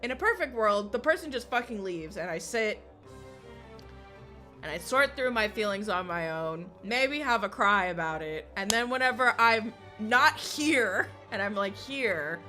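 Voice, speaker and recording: A woman's voice: medium pitch, expressive, a little slow, bright, forceful tone, faint music behind. A woman streamer chatting casually while gaming, swearing constantly and laughing often as she rants. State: recovering from illness.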